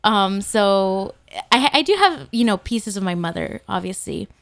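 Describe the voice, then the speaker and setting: A woman's voice: mid-range voice, creaky, no room sound. A young adult woman co-hosting a church podcast, chatting casually and reacting expressively. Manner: expressive, quick to react, playful. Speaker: podcast co-host. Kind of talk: casual chat.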